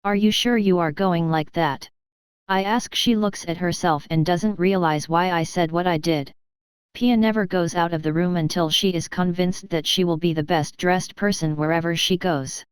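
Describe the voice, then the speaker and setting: Crisp, low-voiced female audiobook narrator. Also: normal speed, dry recording. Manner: steady storytelling. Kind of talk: first-person audiobook narration.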